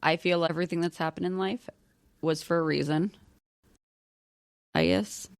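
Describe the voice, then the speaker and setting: A mother chatting casually and candidly, blunt about her own life and quick to laugh. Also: fairly low pitch, steady tone, dry recording. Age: adult parent. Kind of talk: casual chat.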